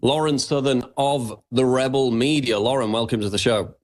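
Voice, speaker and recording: A man guest-hosting a talk radio show, speaking briskly and emphatically. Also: medium pitch, steady tone, darkish tone. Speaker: guest host.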